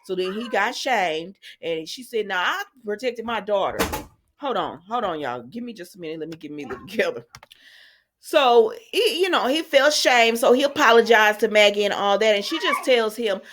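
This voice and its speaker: A woman in mid-range pitch, recapping a soap opera for her viewers. She talks in a loose, chatty way, with sassy asides, and speaks straight to her audience. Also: big pitch swings, moderate pace. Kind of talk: casual recap chat.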